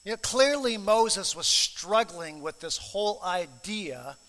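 A man's voice: high voice, lively intonation, takes it slowly, sharp tone, in a large hall. A man preaching a sermon in an earnest, emphatic way, stressing and repeating key phrases. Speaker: pastor.

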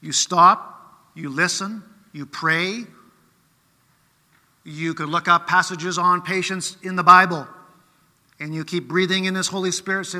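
A man's voice: sits high, steady tone, a little slow, long pauses, sharp tone, long reverb tail. A man preaching a sermon in a conversational way, often checking in with rhetorical questions.

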